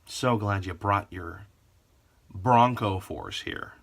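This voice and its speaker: A man narrating a comic storytime in a sarcastic, theatrical manner, his voice gravelly and husky. It is bright in tone and leaps between quiet asides and loud outbursts. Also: deep voice, slow pace. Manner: theatrical, sarcastic, wildly varied delivery.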